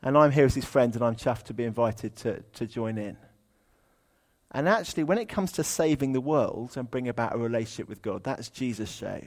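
A man delivers a sermon in an easygoing, conversational way. His voice sits at a middling pitch, and he turns lively and expressive whenever he reads from the text. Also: a little fast. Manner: chatty, humorous, animated when reading aloud. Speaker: preacher.

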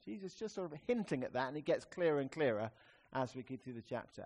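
A man preaching a sermon in a conversational, wry way, swinging between emphatic rises and quiet, serious drops. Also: medium pitch, big pitch swings, quick pace, hardly any pauses.

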